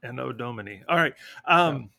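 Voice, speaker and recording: In a dry recording, a man with a medium-pitched voice and vocal fry co-hosts a board game podcast at a moderate pace. The chat is casual and relaxed as he jokes while reading listener responses aloud.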